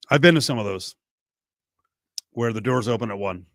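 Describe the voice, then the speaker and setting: Middle-aged guy on sports radio, dry studio mic, gets loud then mutters. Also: mid-range voice, moderate pace, pauses often, no room sound. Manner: animated, joking, swings from mutter to near-shout. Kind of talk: casual sports talk.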